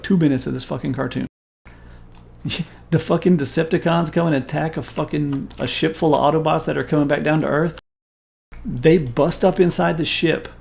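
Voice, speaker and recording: In his forties, this stream host tells a story during casual chat, animated, emphatic, and full of profanity. His voice is fairly high-pitched and creaky.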